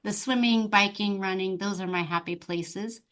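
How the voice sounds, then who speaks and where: A woman guest on a podcast interview, a life coach who talks in an open, expressive and bubbly way. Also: medium pitch, moderate pace.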